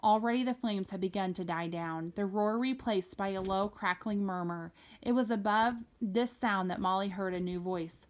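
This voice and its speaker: A woman reading a novel aloud, telling the story in a steady, expressive way. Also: mid-range voice, moderate pace, hardly any pauses. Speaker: reader.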